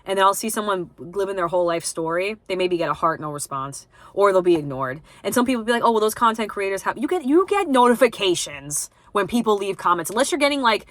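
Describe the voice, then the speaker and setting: A woman's voice: medium pitch, animated, quick pace, hardly any pauses, a bit bright, no room sound. Young New woman vlogging, blunt and scattered, dead-dry close mic. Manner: rambling, lots of "like" and restarts; blunt, self-deprecating. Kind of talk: casual vlog monologue.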